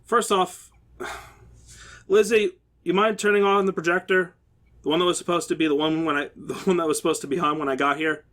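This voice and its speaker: A man's voice: a little high, fairly even intonation, normal speed, a bit bright, lightly acted. A man reading a story aloud as an irritated male game executive who lectures parents in a condescending, sarcastic way, with a slightly shaky voice. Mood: exasperated, condescending.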